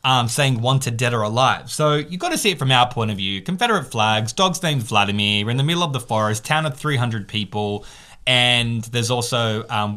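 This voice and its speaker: A man co-hosting a podcast, telling a story in a lively, casual way with quick asides. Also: mid-range voice. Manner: animated storyteller, quick asides and reenacted quotes. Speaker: podcast co-host.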